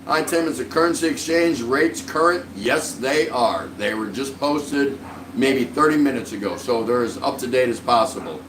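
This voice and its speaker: A man's voice: medium pitch, expressive, normal speed, distant mic, noisy background. Man, casual live-stream host, friendly and rambling, roomy echo, set back from the mic. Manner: friendly, rambling, greets viewers by name. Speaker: livestream vlog host.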